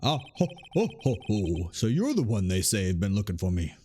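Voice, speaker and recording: A man's voice: fairly low pitch, big pitch swings, fairly quick, dark tone, slight background noise. A man voicing a pompous, evasive older lawyer in a game, with a put-on Southern country drawl. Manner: pompous, drawling, stammering repetition.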